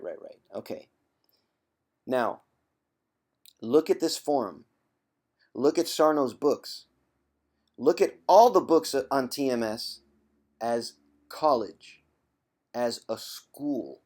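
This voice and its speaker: This vlogger, a man with a mellow, medium-pitched voice, talks straight to the camera as a former chronic pain sufferer. His advice is teasing tough love, delivered conversationally while he clears his throat often.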